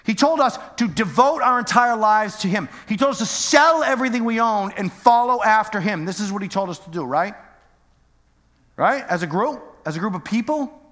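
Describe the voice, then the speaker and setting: A man's voice: high-pitched, animated, normal speed, a bit bright. A middle-aged man preaching a sermon in a casual, joking way, full of questions to the congregation. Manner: conversational, joking, rhetorical questions. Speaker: pastor. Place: church hall. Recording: echoey church hall.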